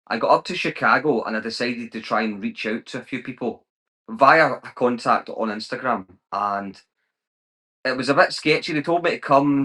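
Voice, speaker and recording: A man's voice: mid-range voice, bright, forceful tone. A young Scottish man in his twenties, a guest on a podcast, talking casually with lots of restarts and slang. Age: 20s. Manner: chatty, many restarts, colloquial slang. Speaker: guest, travel vlogger.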